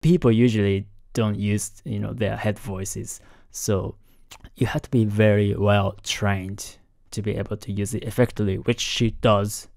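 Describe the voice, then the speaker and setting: A man hosting a lesson on singing technique, explaining in a careful, halting way and keeping his voice down because it is late at night. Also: lowish voice, fairly even intonation, creaky, darkish tone, no room sound, clean studio sound. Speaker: host analyzing singing technique. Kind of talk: explanatory commentary.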